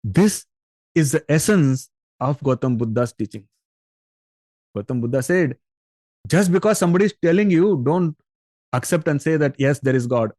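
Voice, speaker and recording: A man's voice: fairly high pitch, moderate pace, pauses often, a little mellow, dry recording, clean studio sound. A man giving a spiritual discourse on scripture, explaining patiently and turning to his listeners with rhetorical questions. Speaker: spiritual teacher.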